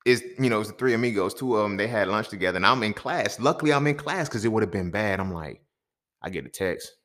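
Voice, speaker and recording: A man hosting a podcast, telling a story in a casual, profane monologue that swings between loud outbursts and quiet asides. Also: on the low side, expressive, fast talker. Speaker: podcast host.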